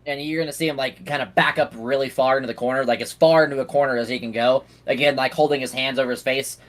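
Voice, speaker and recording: A man's voice: medium pitch, steady tone, quick pace. A young man running a tabletop game as game master, narrating in a casual, rambling way with fillers.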